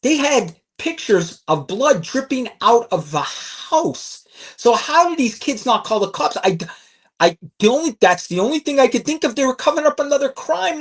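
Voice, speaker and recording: An excitable man co-hosts a true-crime podcast, his voice swinging widely in pitch. He talks emphatically and swears freely. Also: normal speed. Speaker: podcast co-host.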